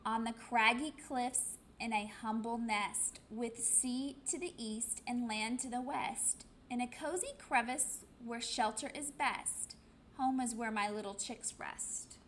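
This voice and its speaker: A woman voicing a fussy, sympathetic mother kelp gull who recites rhymes in a lowered voice. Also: takes it slowly, fairly bright tone, slight background noise.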